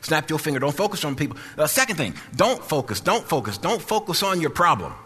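A man preaching a sermon in a church, repeating and restarting his phrases for emphasis, with a sing-song cadence and calls for a louder amen. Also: a little high, very animated, brisk, breathy edge, in a large hall. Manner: repetitive, emphatic, with frequent restarts. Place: church sanctuary.

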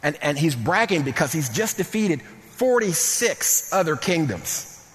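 Fervent preacher, man with a high voice. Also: a little slow, big-room sound. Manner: animated, repeats words, rises to near-shouts. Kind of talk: sermon.

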